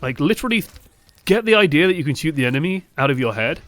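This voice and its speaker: A blunt young man reviews gameplay footage as a coach, his fairly high voice bright and forceful. He drifts between steady analysis and exasperated shouting, swearing freely. The sound is close and dry. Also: fast talker, dry recording. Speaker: game coach. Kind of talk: live-streamed gameplay review commentary.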